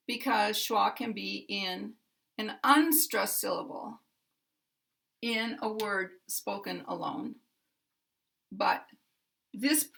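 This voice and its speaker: A woman's voice: medium pitch, vocal fry, a bit bright. An American woman teaching pronunciation, explaining carefully and stretching stressed words to demonstrate them.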